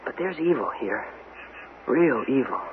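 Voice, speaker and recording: A man's voice: mid-range voice, animated, measured pace, close to an everyday voice. A skeptical husband in an old radio mystery, played by a man, whose dry wit gives way to grave unease. His voice sits in a middle range. It comes through a narrow broadcast band with a faint hiss. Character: wary husband, a weekend guest. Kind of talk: 1970s radio drama acting.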